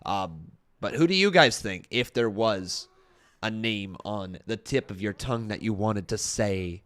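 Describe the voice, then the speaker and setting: On a casual wrestling watch-along stream, a young host chats and reads viewer comments aloud. His voice sits on the low side, expressive and fairly bright, moving a little slowly, though it sounds somewhat tired and strained.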